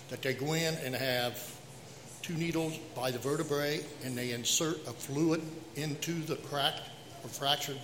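A man's voice: mid-range voice, roomy sound, long reverb tail, slight background noise, rough recording. A man in a church congregation earnestly sharing news and asking for prayers, stumbling over a few words. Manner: earnest, halting, with self-corrections. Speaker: congregation member giving a prayer update.

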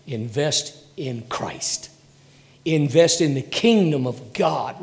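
A male pastor preaching a sermon, swinging between loud bursts and hushed near-whispers. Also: mid-range voice, animated, takes it slowly. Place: church sanctuary. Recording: long hall reverb.

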